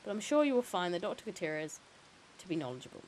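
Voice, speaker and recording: A woman reading the lines of a calm, careful male hospital doctor who explains things in a measured way. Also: on the low side, a little hiss or hum, poor audio. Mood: calm explaining.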